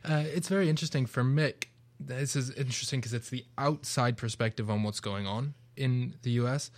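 A man's voice: mid-range voice, a little fast. A young British man with a British accent, co-hosting a casual radio discussion, earnest and reflective. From Britain. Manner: reflective, earnest, speeds up when making a point. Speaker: radio show co-host.

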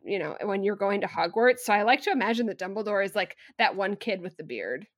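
A woman co-hosting a podcast, talking casually in a mid-range voice. She sounds wry and chatty, often pausing on fillers, and her recording is dry and close with no room echo. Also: medium pitch, animated. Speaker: podcast co-host. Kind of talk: casual chat.

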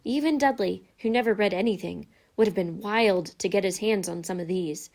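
A woman narrating a children's fantasy book with steady, measured reading. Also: mid-range voice. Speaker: audiobook narrator. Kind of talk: scripted narration.

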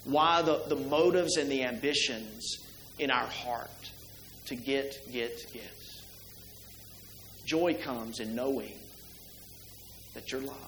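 A man's voice: mid-range voice, measured pace, a bit bright, echoey room, a little hiss or hum, poor audio. A middle-aged man preaching a sermon to his congregation in a church, talking conversationally and asking the listeners many rhetorical questions. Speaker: pastor. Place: church sanctuary.

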